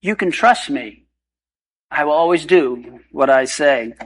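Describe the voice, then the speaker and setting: A man voicing a gentle, patient Jesus in a soft, reassuring tone while preaching a sermon. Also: fairly high pitch, animated, takes it slowly.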